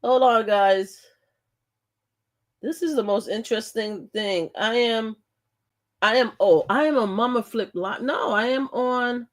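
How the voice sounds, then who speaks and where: A woman's voice: a little high, unhurried. An older woman hosting her own live stream, talking bluntly and animatedly, repeating words and laughing often as she chats. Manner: blunt and outspoken. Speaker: livestream host. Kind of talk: casual live-stream chat.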